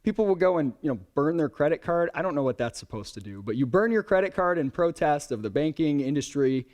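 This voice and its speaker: Animated man giving a conference talk. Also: on the high side, fast talker. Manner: conversational, animated, keeps asking "right?". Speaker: conference speaker. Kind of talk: conference talk to a live audience. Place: conference presentation before a young audience.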